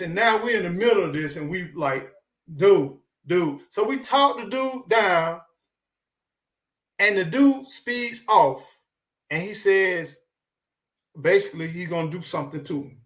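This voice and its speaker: A man's voice: high voice, animated, unhurried, pauses often, bright, forceful tone. A man. He tells a story in a casual, earnest way and preaches a little as he goes.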